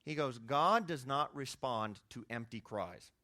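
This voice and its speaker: A young man preaching a conversational sermon, his voice jumping high when he makes a point. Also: animated, a little slow, pushed and bright, dry recording, clean studio sound. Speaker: youth pastor.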